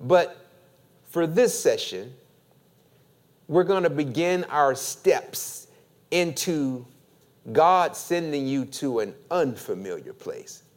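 Slow, expressive male preacher. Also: a little high. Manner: slow, deliberate preaching with call-and-response. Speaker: pastor. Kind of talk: sermon.

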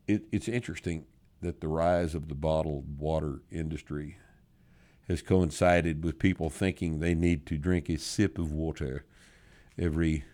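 A very deep-voiced man hosts a podcast and answers listener questions. He is blunt and sardonic, swears freely, and stretches out words to make his points. His talk is casual and unpolished. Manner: blunt, profane, sardonic, with drawn-out emphasis.

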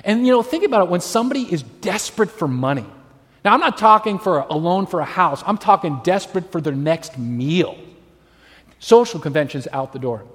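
A man's voice: high-pitched, lively intonation, a little fast. A man preaching a sermon, telling stories animatedly and acting out the voices of people he quotes. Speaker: pastor. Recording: long hall reverb.

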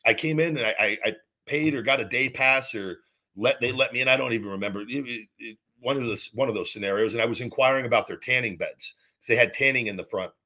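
A man's voice: medium pitch, fast, bright, forceful tone. A man in his forties, a former wrestler hosting a podcast, telling a long story in a rambling, casual way, with many repeats and restarts and some swearing.

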